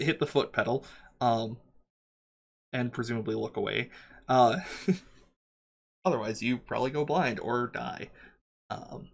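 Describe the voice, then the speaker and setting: Man rambling as game master. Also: mid-range voice. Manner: rambling, many fillers and restarts. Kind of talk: narrating a tabletop game.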